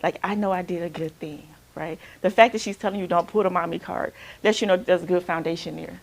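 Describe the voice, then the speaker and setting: A woman's voice: on the low side, steady tone, brisk, creaky. Woman counselor leading a workshop. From Alabama. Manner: conversational, keeps asking "right?". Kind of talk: workshop talk with group sharing.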